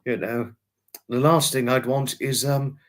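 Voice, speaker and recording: Guy rambling on his livestream, saying hi to chat folks, mid-pitched voice. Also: flat delivery, measured pace. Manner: chatty, rambling, greets viewers by name. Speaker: livestream host.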